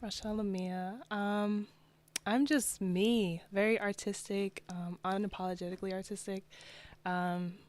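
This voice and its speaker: A young woman from New Jersey, a fashion designer guest, chatting in a relaxed, laid-back way. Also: medium pitch, a little slow. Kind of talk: casual interview.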